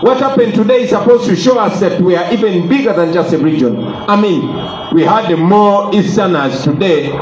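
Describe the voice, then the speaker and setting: A man's voice: sits high, moderate pace, a little mellow. A man with a Ugandan accent giving an emphatic political speech to supporters, repeating his key phrases. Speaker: party leader addressing supporters. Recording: echoey room, dull lo-fi sound, faint noise.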